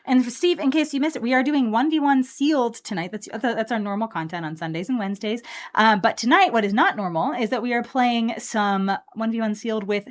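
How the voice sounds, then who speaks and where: A woman's voice: a little high, brisk. A woman hosting a live card game stream, chatting casually and upbeat with lots of fillers while she plays.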